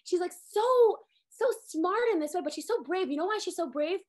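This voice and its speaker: High-pitched woman teacher; chatty, animated storytelling over a video call. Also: moderate pace. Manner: animated storytelling, acts out characters' lines, many "like" fillers. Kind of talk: casual online Torah class.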